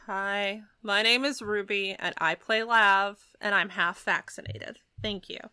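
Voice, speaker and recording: Bright-voiced woman player, teasing. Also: medium pitch, fairly even intonation, unhurried, clear, resonant tone, no room sound. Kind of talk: casual podcast banter.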